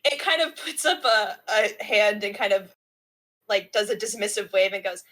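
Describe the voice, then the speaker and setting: A woman's voice: mid-range voice, expressive, moderate pace, sharp tone. A woman narrating her character in a casual tabletop role-play, chatty and often laughing.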